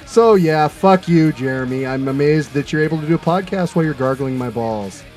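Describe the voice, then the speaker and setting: A man's voice: a little high, fairly quick, music in the background. A man co-hosting a podcast, joking crudely and laughing often. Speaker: podcast co-host. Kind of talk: casual crude banter.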